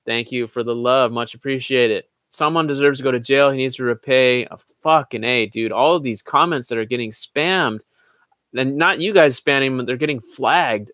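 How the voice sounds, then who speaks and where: A man's voice: medium pitch, moderate pace, a bit bright, no echo. A young man hosting a live Q&A, reading viewers' questions aloud and answering them offhand, swearing freely. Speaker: channel host answering live chat questions. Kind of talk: casual livestream Q&A.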